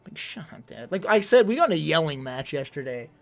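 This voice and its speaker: A man's voice: a little high, big pitch swings, fairly quick, creaky, soft background music. A young man venting in casual livestream chat, rambling and exasperated, full of fillers.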